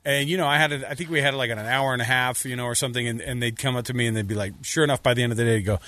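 A man's voice: mid-range voice, steady tone, racing, sharp tone, dry recording. Rambling male radio co-host. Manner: rambling storyteller with many restarts. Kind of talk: casual radio chat.

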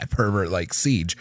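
Wry joking man with lively pitch. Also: dry recording. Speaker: podcast co-host. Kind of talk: casual chat.

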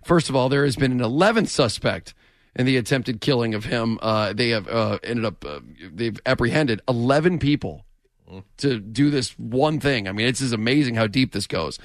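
A man hosting a casual talk show, chatting about sports and news in an excitable way, often laughing and cutting in. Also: medium pitch, moderate pace, no room sound, clean studio sound.

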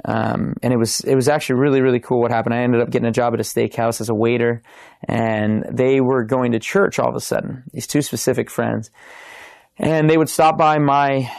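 Man in his thirties, gravelly, dry close sound, earnest faith testimony, podcast guest. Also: medium pitch, darkish tone, dry recording. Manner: earnest, storytelling with many restarts. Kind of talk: testimony in casual interview.

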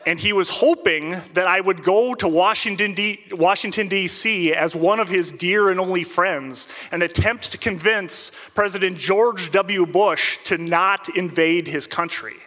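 A man from central Minnesota, telling a personal story to an audience with a wry, deadpan comic delivery. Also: high voice, unhurried, few pauses, long reverb tail. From central Minnesota, United States.

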